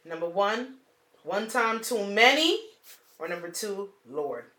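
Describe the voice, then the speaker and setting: A woman co-hosting a casual podcast, talking bluntly and profanely with emphatic, drawn-out phrasing. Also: medium pitch, sing-song, bright, forceful tone, roomy sound. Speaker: podcast co-host.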